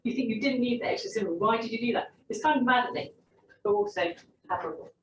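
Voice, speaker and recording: A woman's voice: on the high side, sing-song, fast talker, slight background noise. A young woman, a PhD researcher, reads her essay on poetry and adds wry, reflective asides. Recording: roomy echo, mic at a distance, faint ambience.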